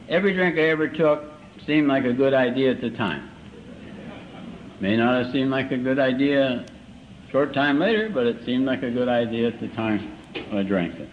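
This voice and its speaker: Wry older man telling a live story. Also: medium pitch. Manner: dry self-mocking humor, slow deliberate timing. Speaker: recovery meeting speaker. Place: meeting hall. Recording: muffled old live recording with faint hiss.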